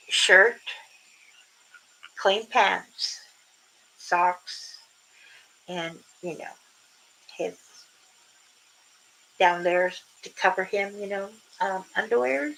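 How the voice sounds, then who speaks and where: Slow, gravelly older woman chatting. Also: medium pitch, sharp tone, slight background noise, poor audio. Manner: rambling storyteller, laughs often. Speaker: livestream host. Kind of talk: casual chat with viewers.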